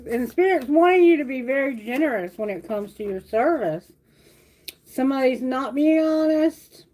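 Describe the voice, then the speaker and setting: A high-voiced woman reads tarot cards on a live stream. She talks straight to her viewers, blunt and animated, and swears freely as she goes. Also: slight background noise. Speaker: tarot reader.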